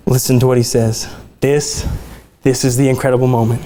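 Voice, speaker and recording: A man preaching an impassioned sermon in a small church room. His voice climbs higher as he gets excited, and he sometimes stumbles over words. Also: fast. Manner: impassioned, exclamatory, some stumbles.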